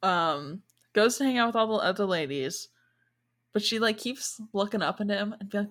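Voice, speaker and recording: Chatty, animated, woman, podcast host, casual conversation. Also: medium pitch, normal speed. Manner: chatty, animated retelling with quoted voices. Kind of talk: casual chat.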